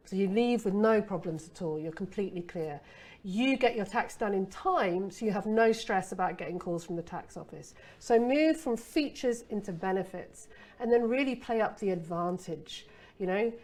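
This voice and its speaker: A woman's voice: mid-range voice, a little fast, darkish tone. Chatty, playful woman teaching copywriting. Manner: chatty and playful, with rhetorical asides. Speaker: copywriting expert giving a masterclass. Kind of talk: casual spoken masterclass.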